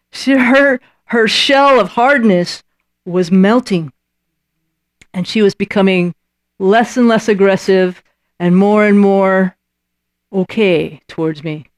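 A woman preacher delivering a sermon with a lively, storytelling manner, slipping into short acted voices for the people in her examples. Her voice sits at an ordinary pitch for a woman. The sound is close and dry, with no room echo. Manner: animated, acts out little voices and dialogues; conversational preaching with repeated "Right?" asides.

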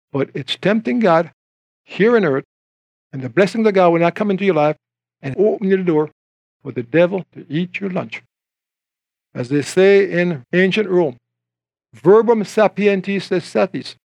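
High-voiced animated male preacher. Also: gravelly, no room sound. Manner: animated, acts out voices in quotes. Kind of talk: sermon.

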